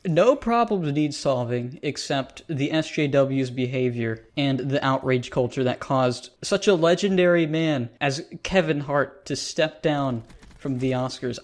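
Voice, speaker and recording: A man giving casual reaction commentary as a YouTuber, sarcastic and exasperated as he rants. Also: on the high side.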